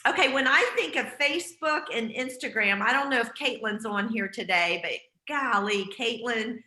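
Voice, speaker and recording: A woman leads a group video call, encouraging everyone in a chatty, filler-heavy way. Her voice is bright and sits a little high. The audio sounds roomy, with some echo around her. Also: normal speed. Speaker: team leader hosting a group call. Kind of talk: casual group call talk.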